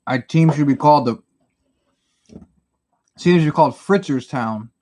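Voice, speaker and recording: A man's voice: fairly high pitch, unhurried, warm tone. A man hosting a live stream, chatting casually and rambling through answers to chat messages while he builds at home. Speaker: livestream host. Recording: noisy home stream audio.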